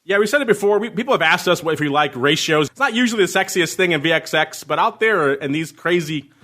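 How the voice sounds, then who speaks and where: A man's voice: a little high, animated, fast, sharp tone. A man hosting a podcast in casual chat, joking and laughing as he reads listener messages. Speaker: podcast host.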